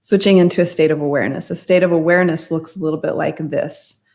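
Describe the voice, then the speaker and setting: A woman's voice: low-pitched, steady tone, fast, a little mellow. A middle-aged woman telling a personal story in a casual talk. She rambles and corrects herself as she goes, and laughs now and then. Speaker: mindset coach.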